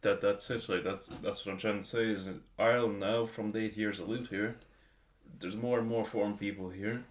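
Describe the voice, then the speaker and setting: Deep-voiced man in echoey room. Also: fairly even intonation, fairly quick. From Latvia. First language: Latvian. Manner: blunt, profane. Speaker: podcast guest. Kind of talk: casual chat. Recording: echoey room, faint noise.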